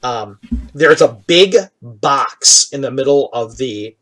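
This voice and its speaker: A man running a tabletop game, describing characters and scenes at an easy, unhurried pace. He pauses often and fills gaps with small fillers. His voice sits at an ordinary middle pitch. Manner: relaxed, halting description with fillers. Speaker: game master.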